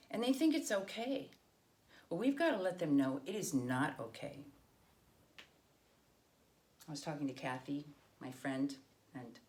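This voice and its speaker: A woman hosting her own political commentary show, talking in an emphatic, indignant way with frequent restarts. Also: on the low side. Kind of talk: casual political monologue.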